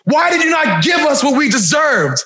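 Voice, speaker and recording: A man co-hosting a casual chat, animated and jokey, often slipping into impressions of others. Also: very high-pitched, normal speed, echoey room, raised voice, poor audio.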